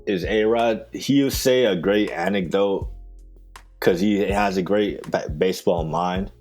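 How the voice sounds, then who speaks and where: A man's voice: sits low, measured pace, darkish tone, soft background music. A man co-hosting a sports podcast, talking in opinionated, teasing casual chat. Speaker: podcast co-host.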